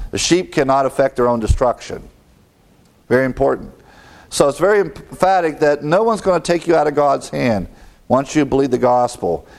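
A man's voice: mid-range voice, gravelly, darkish tone. A man preaching an expository sermon with an earnest teaching tone, quoting scripture and asking rhetorical questions.

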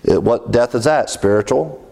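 A man's voice: mid-range voice, gravelly, dark tone. Man teaching scripture with rhetorical questions. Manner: asks rhetorical questions and answers them himself; explains Greek words, with filler pauses. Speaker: preacher. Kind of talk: expository Bible teaching.

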